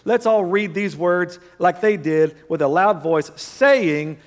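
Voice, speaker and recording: A male pastor with a somewhat high voice delivers a sermon from the pulpit, shifting between relaxed, conversational asides and loud, fervent prayer. His words ring out with a long reverb tail in a large church sanctuary. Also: unhurried. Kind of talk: sermon with scripture reading and prayer.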